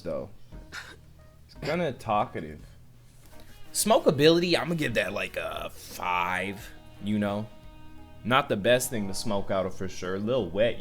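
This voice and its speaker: A man's voice: on the low side, very animated, a little slow, breathy edge, faint music behind. A young man hosting a reaction video, joking loosely and casually with profanity. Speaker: host.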